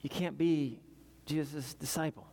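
A man preaching a sermon in an earnest way, moving between loud urgent passages and quiet confessional ones. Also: a little high, fairly even intonation, a little slow, vocal fry.

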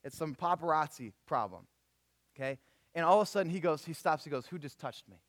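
Young male youth preacher, casual storyteller, slightly high voice. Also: fairly quick. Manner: animated storytelling with voiced characters, casual slang. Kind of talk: sermon.

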